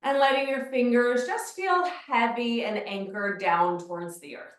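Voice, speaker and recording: High-voiced woman guiding a Pilates class. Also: unhurried. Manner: calm step-by-step movement cues. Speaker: Pilates instructor. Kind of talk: guided exercise class. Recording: very echoey room, mic far off.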